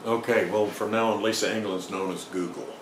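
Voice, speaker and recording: A man's voice: on the low side, steady tone, brisk, reverberant, slight background noise, rough recording. A man chiming in from off camera with dry, joking quips in casual banter. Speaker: off-camera helper.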